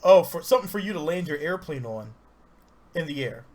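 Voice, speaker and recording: A man's voice: fairly high pitch, fairly quick. Guy laughing his way through a flight game, voice bouncing all over, rambly chatter. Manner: excitable, laughs often, rambling. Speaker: gaming channel host. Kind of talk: casual let's-play commentary.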